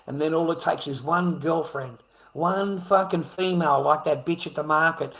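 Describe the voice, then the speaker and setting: Swearing Australian man ranting, fairly high voice. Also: moderate pace, rough recording. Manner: swearing, repetitive, swings from muttering to shouting. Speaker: livestream ranter. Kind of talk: profane off-the-cuff rant.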